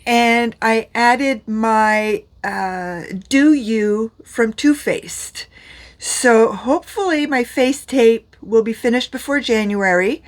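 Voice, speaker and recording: A woman's voice: a little high, slow. A middle-aged woman chatting through a makeup vlog, rambling and laughing often while tired and in pain. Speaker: beauty vlogger.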